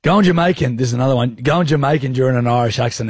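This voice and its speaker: A man banters on air as a radio co-host, quick to joke and tease. His voice is a little husky. The sound is close and dry. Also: medium pitch, dry recording. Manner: joking, teasing. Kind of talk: casual banter.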